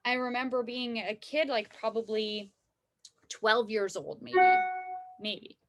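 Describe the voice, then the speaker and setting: A woman with a somewhat high voice talks through self-love in an easy, conversational way. She keeps checking in with her listeners, tagging her thoughts with "right?" and "you know?" as she goes. It sounds like a wellness teacher chatting, not someone reading a script. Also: fairly even intonation, takes it slowly, a bit bright, faint music behind. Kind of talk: casual self-help talk.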